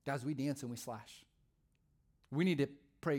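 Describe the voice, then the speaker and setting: A man's voice: mid-range voice, fairly even intonation, normal speed, darkish tone. A male pastor preaching a sermon in a conversational, humorous storytelling way.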